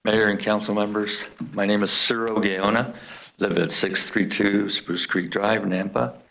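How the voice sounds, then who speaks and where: A man's voice: fairly low pitch, fairly even intonation, unhurried, creaky, fairly bright tone. A man giving brief formal public comment at a city council meeting, with a touch of dry humor.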